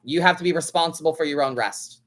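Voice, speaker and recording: A man's voice: on the high side, fast talker, a bit bright, slight background noise. A man hosting a live tarot stream, chatting casually in a blunt, sassy way and swearing freely. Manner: blunt, sassy, swears freely, acts out other people's lines.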